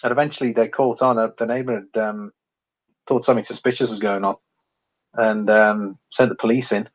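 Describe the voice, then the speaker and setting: A man's voice: fairly low pitch, steady tone, brisk, dull audio. A man from England hosting a precious metals livestream, chatting casually with many ums and reading out viewer comments. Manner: rambling, many ums, chuckles often.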